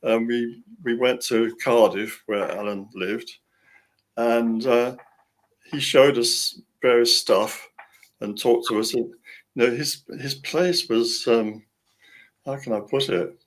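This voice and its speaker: Male author guest, casual storyteller who rambles, chuckles and restarts, mid-pitched. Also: steady tone, slow pace.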